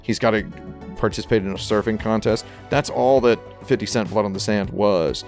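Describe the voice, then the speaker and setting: Rambling jokey man, lowish voice. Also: brisk, faint music behind. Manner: rambling, jokey, animated tangents. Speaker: podcast panelist. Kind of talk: casual chat.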